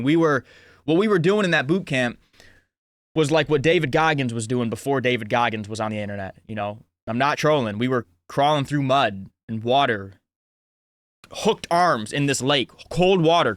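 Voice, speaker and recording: A man's voice: medium pitch, fairly bright tone, no echo. Young male self-help talker, casual and blunt, swears freely, medium voice, dry recording. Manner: blunt, frequent swearing, many "you know"s. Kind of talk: casual storytelling monologue.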